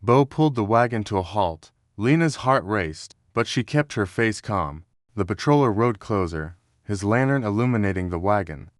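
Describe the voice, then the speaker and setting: A man narrates a historical story in a steady, measured voice that sits low for a man. The sound is dry and close, with no room around it. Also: dry recording. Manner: steady, measured storytelling with quoted dialogue read in the same voice.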